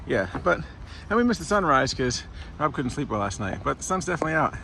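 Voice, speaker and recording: A man with a gravelly, slightly high voice talks to his camera while walking outside. His chat rambles and doubles back on itself, and clear traffic noise runs behind him on an outdoor recording. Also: big pitch swings, quick pace, bright, forceful tone. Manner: rambling, chatty, self-correcting. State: sore foot while walking. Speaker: vlogger walking a pilgrimage route. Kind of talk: casual walking vlog. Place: outdoors by a port and industrial road.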